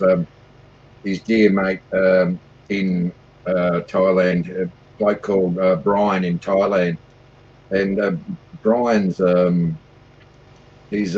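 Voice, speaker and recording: Man, Australian accent, husky voice, lowish pitch, hesitant with fillers, muffled lo-fi line. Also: a little mellow. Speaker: guest caller. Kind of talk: casual chat.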